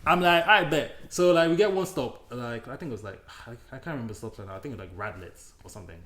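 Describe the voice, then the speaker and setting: A man's voice: medium pitch, fast talker, echoey room. A man co-hosting a casual podcast, telling a rambling story packed with "like". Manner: rambling storyteller, heavy use of "like", animated when acting out scenes. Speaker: podcast co-host. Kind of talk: casual chat.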